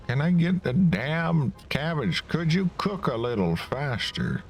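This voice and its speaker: A man's voice: fairly high pitch, big pitch swings, measured pace, few pauses, faint music behind. A male streamer who mutters casual commentary to himself while playing a game. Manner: mutters to himself, self-commentary between read lines.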